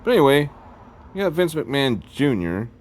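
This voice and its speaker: A video host with a Midwest American accent talks casually to his viewers in vlog commentary, rambling from one joking aside to the next. His medium-pitched voice is sing-song and moves at normal speed.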